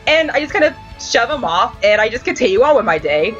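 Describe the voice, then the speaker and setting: Animated, foul-mouthed woman podcast host. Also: on the high side, fairly quick, few pauses, highs cut off, soft background music. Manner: animated storytelling, frequent swearing and laughter. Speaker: podcast host reviewing anime dubs. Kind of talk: casual review chat.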